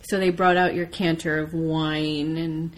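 American woman, casual chat, animated storytelling, swears freely. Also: deep voice, a little slow. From United States.

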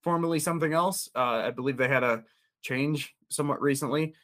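Excitable, bright-voiced male podcast co-host. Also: fairly high pitch, a little fast. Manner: excitable, swears freely, laughs often. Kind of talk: casual chat.

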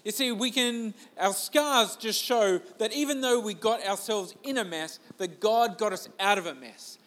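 A man preaching a sermon in a relaxed, conversational way, joking at his own expense and restarting his sentences. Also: sits high, unhurried. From Australia. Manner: conversational, self-deprecating, with restarts. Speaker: pastor.

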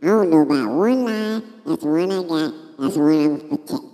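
A woman's voice: sits low, lively intonation, brisk, mellow. A woman voicing a streetwise, boastful, cursing cat who tells a comic story in slangy speech. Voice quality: slangy, profane, boastful drawl. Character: streetwise tough-talking cat. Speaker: guest. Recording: long echoing reverb.

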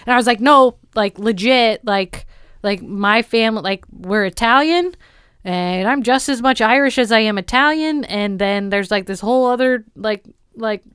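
A woman's voice: fairly high pitch, normal speed, smooth, no room sound, clean studio sound. A woman in her thirties hosting a casual chat with friends, telling stories and acting out what other people said. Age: 30s. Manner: animated storyteller, acts out others' lines. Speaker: podcast host.

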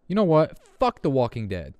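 Young male podcast host: cussing, animated ranter with a smooth, dry close voice. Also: medium pitch, brisk, no room sound. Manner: profane, animated ranting. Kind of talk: casual podcast rant.

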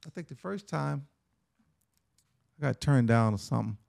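A man's voice: medium pitch, animated, normal speed, gravelly, a little mellow, dry recording, studio quality. A middle-aged man telling a personal story in a casual, conversational way, often tagging lines with "right?" and "man".

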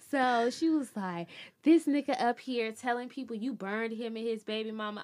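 A young woman, telling a story in casual chat, animated and laughing, quoting others in high voices. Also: normal speed, slight background noise. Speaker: podcast co-host.

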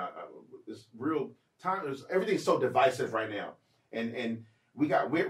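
A man's voice: on the low side, recorded from a distance. A man hosts a podcast in loose, rambling conversation, circling back with restarts and fillers. His voice is set back from the microphone in an echoey room. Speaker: podcast host. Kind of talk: casual chat.

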